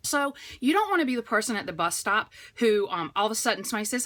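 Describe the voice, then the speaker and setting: A woman coaching direct sellers in a chatty, upbeat way, acting out phone calls in a brighter voice. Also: mid-range voice, lively intonation, fast, hardly any pauses. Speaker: direct sales trainer. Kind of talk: motivational sales coaching talk.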